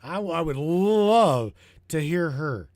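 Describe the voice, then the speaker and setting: A man hosting a broadcast, talking in a heated, profane, rambling way and repeating himself, his voice getting hoarse. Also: a little high, expressive, slow, darkish tone, no room sound. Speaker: broadcast host. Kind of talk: rambling conspiracy talk show.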